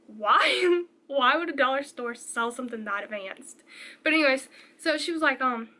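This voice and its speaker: A woman's voice: sits high, moderate pace. A young woman chatting through a storytime vlog, retelling a scene and acting out the people in it. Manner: chatty, animated retelling with quoted voices. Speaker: vlogger. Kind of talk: casual storytime.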